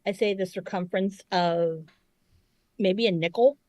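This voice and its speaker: A woman's voice: medium pitch, unhurried, dry recording. A woman co-hosting a podcast, telling stories in casual chat with lots of profanity. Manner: animated, profane storytelling. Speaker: podcast co-host.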